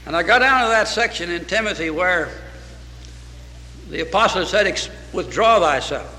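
A man's voice: high voice, expressive, moderate pace, sharp tone. A man preaching a sermon with fervor, repeating phrases and quoting scripture in old English. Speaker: pastor. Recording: reverberant hall.

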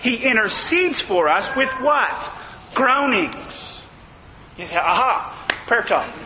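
Preacher, male, very high tone, sharp and forceful, rhetorical questions, echoey church hall. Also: sing-song, slow pace. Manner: emphatic, asks rhetorical questions. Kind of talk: sermon. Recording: long hall reverb, faint noise.

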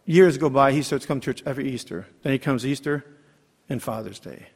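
A man's voice: medium pitch, fairly quick, breathy edge. A middle-aged man preaching a sermon, emphatic, calling for amens and asking the congregation rhetorical questions. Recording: long hall reverb.

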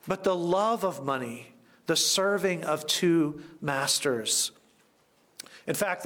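A male pastor delivering a sermon at a slow, unhurried pace. His voice sits a little high for a man, and he reads scripture with deliberate weight. He repeats key phrases for emphasis. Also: fairly bright tone. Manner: measured, deliberate preaching with emphatic repetition.

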